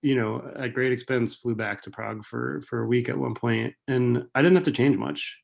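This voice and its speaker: A man's voice: medium pitch, fairly even intonation, moderate pace, creaky. A man who writes and teaches fiction, answering audience questions in a rambling, casual way full of fillers and rhetorical "right?" tags, over a video call. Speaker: author and writing professor.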